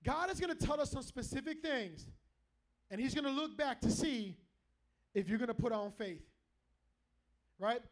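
A man's voice: very high voice, normal speed, long pauses. A middle-aged man preaching a sermon in a church, joking and calling out to the congregation. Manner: animated, joking, calls out to the congregation. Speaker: pastor. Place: church hall with a live congregation.

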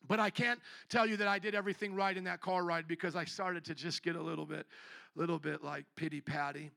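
A man from the American Midwest preaching a sermon, telling personal stories in an animated way and acting out the voices in them. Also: a little high, quick pace, gravelly. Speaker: pastor.

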